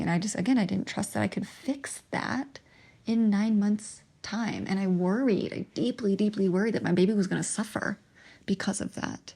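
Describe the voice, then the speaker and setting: Woman w/ a fry in her voice, talking slow and halting about something personal. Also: mid-range voice, mellow. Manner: emotional, halting, with restarts and pauses. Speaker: podcast host sharing her testimony. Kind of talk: personal testimony monologue.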